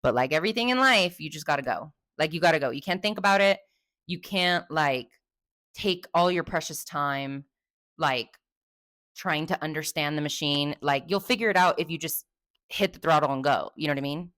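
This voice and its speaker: A woman's voice: low voice, normal speed, fairly bright tone, dry recording, clean studio sound. A young woman from Texas, hosting a podcast and telling a story casually, chatty and swearing freely with many fillers. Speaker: podcast host.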